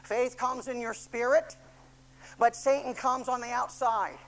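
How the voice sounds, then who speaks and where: Impassioned preacher swinging hushed to shouting. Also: medium pitch, steady tone, a little slow, low-quality recording. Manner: emphatic repetition and rhetorical questions. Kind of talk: sermon.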